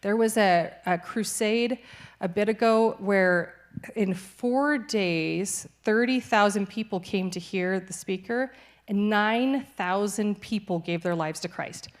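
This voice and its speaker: A woman's voice: medium pitch, slow pace. A young adult woman, a missionary, giving a cheerful church testimony and laughing easily through hard news. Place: church sanctuary.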